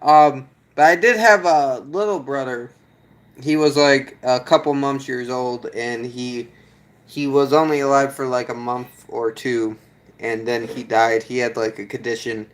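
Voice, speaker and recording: A man's voice: mid-range voice, fairly even intonation, a little slow, low-quality recording. A man talking casually to his viewers in a mid-range voice, reading their comments as he goes. He rambles a bit, restarting sentences and filling gaps. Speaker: video creator reading chat. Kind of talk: casual live chat.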